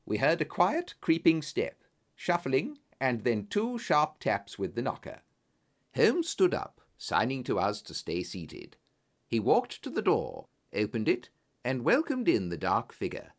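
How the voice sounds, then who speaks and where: A man narrating an audiobook in an expressive storytelling manner. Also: medium pitch, measured pace.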